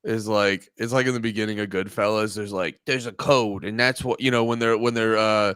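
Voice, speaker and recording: A man's voice: lowish voice, steady tone, brisk, fairly bright tone, clean tone, no room sound. A man hosting a podcast, rambling in casual chat with lots of swearing and acted-out quotes. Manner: rambling, profane, acts out quotes. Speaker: podcast host.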